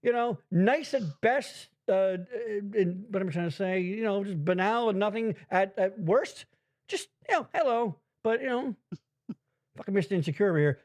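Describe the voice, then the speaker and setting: A middle-aged man hosting a podcast, talking in loud, profane, teasing banter. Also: lively intonation, moderate pace. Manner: loud, swearing, teasing, jumps into high mock voices. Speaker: podcast host.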